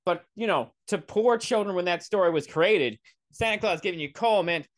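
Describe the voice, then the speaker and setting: A man's voice: high-pitched, moderate pace, no echo. A young man hosting a podcast, ranting in a sarcastic, profane, rambling way into a close mic. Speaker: podcast host. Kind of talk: comedic solo rant.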